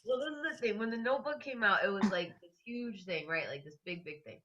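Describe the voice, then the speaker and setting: A woman co-hosting a casual chat who tells anecdotes wryly, laughs often and drops quiet for asides. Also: mid-range voice, animated, fairly quick, noisy background. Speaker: podcast co-host.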